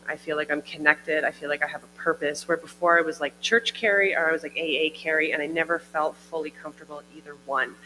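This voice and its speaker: Woman sharing her testimony, bright sharp tone, chatty and earnest, big hall echo with faint hum. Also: low-pitched. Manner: heartfelt, chatty, full of "like" and "I remember". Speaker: congregant giving a testimony. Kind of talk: emotional personal testimony. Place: church hall.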